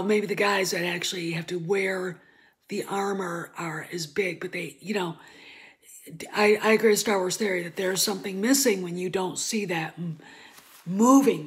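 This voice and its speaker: Woman vlogger, unhurried and blunt, casual ranting commentary with sudden loud flare-ups. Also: medium pitch. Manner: blunt, profane, drops to murmurs then flares up loud.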